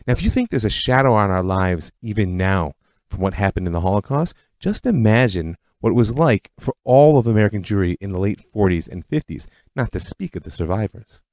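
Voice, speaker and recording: A man narrates a history podcast in a scripted storytelling style. His voice sits on the low side but moves a lot in pitch. The recording is dry and close. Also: brisk, no echo. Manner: storytelling, lively delivery. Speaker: podcast host.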